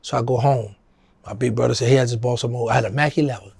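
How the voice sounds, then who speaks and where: A middle-aged man with a New Orleans accent spins a long street story, jumping up in pitch whenever he plays the people in it. His voice is gravelly and a little husky. It sounds close and dry, with no room around it. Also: fast talker, no echo. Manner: animated storyteller, acting out quoted voices in a higher pitch. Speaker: interview guest. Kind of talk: storytelling in a casual interview.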